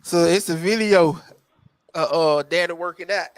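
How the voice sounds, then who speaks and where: A man's voice: high-pitched, normal speed, clean tone, dry recording. A man hosting a podcast in casual, profane, laughing banter. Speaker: podcast host. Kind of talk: casual chat.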